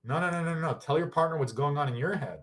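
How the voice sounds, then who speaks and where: A man's voice: a little high, fast talker. A tired man giving a casual online workshop on relationships, talking over a video call and acting out sample dialogues. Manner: lively, acts out sample dialogues.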